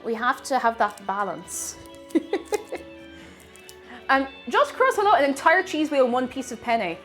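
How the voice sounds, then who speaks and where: Young woman, Tipperary Irish accent, slightly high voice, chatty and giggly, cooking livestream, faint music behind. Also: very animated, unhurried, a bit bright. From Tipperary, Ireland. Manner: chatty, giggly, greets chat while cooking. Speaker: cooking streamer. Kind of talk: casual cooking livestream chat.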